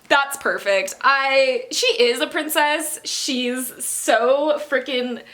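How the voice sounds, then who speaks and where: A woman's voice: on the high side, bright, forceful tone. A young woman chatting casually in a vlog, giggly and rambling with lots of fillers. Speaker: book vlogger.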